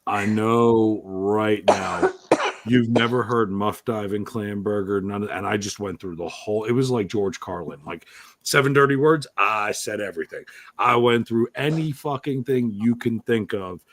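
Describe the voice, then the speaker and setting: A man's voice: on the low side, moderate pace. A man hosting a podcast, telling crude comic stories in casual chat and swearing freely. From Italian-American. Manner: animated storyteller, swears freely. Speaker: podcast host.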